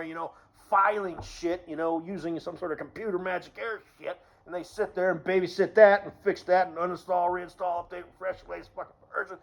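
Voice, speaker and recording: A man delivering a sarcastic, profane rant, mumbling at times and shouting at others. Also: high voice, fairly even intonation, fairly quick, vocal fry, few pauses, low-quality recording. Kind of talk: casual ranting monologue.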